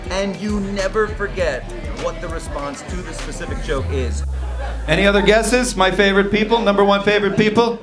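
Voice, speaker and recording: A man from New York doing stand-up comedy with an animated, punchy delivery. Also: high voice, moderate pace, over loud music. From New York (the Bronx). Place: comedy club stage. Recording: echoey club with loud crowd laughter.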